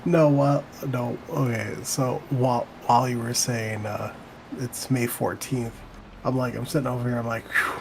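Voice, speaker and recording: A man's voice: mid-range voice, fairly even intonation, moderate pace, gravelly, background noise. A man joining a gaming livestream as co-host, telling casual anecdotes and acting out the quoted dialogue. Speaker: stream co-host.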